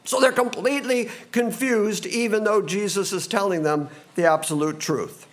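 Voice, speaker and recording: A man preaching a sermon as a pastor, animated and expressive, sometimes acting out confused voices from the passage. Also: high voice, moderate pace.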